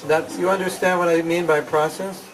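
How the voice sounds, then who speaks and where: A man's voice: fairly high pitch, flat delivery, moderate pace, recorded from a distance, crowd noise, rough recording. A man leading a chanting seminar, lecturing in a conversational way, asking his listeners rhetorical questions and mimicking how people pronounce words. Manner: imitates questioners and mimics pronunciations. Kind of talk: lecture to a live audience. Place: seminar hall with an audience.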